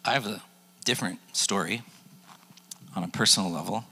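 A man's voice: sits low, brisk, bright, forceful tone, breathy edge. A man in his forties preaching a sermon in a casual, joking way and acting out the people in his story. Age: 40s. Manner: conversational, jokey, acts out quotes. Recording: long echo of a large hall.

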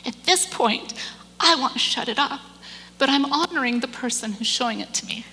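A woman giving a church message, telling a story with animated delivery and acting out the people in it. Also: sits high, moderate pace, big-room sound, slight background noise. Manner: animated storyteller, acts out quoted voices, repeats words. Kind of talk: sermon storytelling.

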